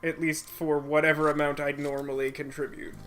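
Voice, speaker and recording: A man's voice: fairly high pitch, flat delivery, fairly quick, fairly bright tone, soft background music. A man co-hosting a let's play, giving casual gameplay commentary in a rambling, playful, self-mocking way.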